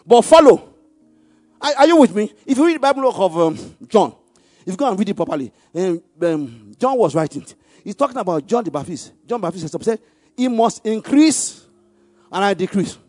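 A man preaching, leading the congregation in call-and-response and rising to loud exclamations on key words. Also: high-pitched, dry recording. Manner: animated call-and-response, leads the congregation to repeat verses. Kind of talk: sermon.

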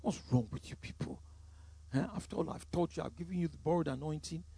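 A Nigerian man voicing a stern male teacher scolding his followers, low and quiet. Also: fast talker, gravelly, slightly rough, no room sound. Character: stern rebuking male teacher speaking to disciples.

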